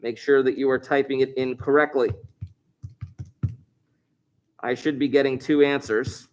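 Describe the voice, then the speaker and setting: A man's voice: medium pitch, fairly even intonation, measured pace, a little hiss or hum. Jokey male math teacher thinking aloud. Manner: jokey, chatty, thinking aloud while working problems. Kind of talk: recorded class review lesson.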